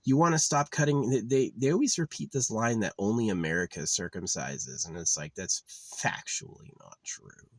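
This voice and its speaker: A man's voice: low-pitched, lively intonation, moderate pace, hardly any pauses, dry recording. A man ranting profanely in a casual monologue, exasperated and mocking the people he argues with. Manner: profane, exasperated, mocks others in put-on voices. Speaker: vlogger.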